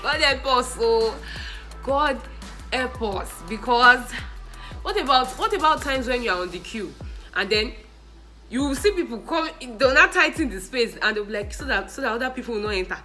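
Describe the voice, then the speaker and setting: A young woman with a Nigerian accent telling funny personal stories in a casual vlog, animated and often laughing. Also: fairly high pitch, normal speed, soft background music, rough recording. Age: young adult. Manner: animated, laughing, mixes in pidgin and Yoruba exclamations. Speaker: vlogger.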